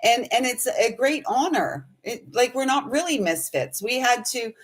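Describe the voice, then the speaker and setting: A woman's voice: on the high side, expressive, moderate pace, husky. A woman hosting a casual spiritual livestream, chatting and rambling while reading viewer comments aloud. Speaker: spiritual host and intuitive reader.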